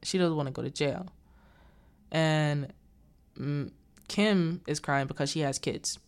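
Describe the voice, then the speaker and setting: A woman's voice: deep voice, slow. A young woman casually recapping a film's plot, quoting the characters as she goes. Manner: retells the plot with quoted lines and filler "like". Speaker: movie reviewer.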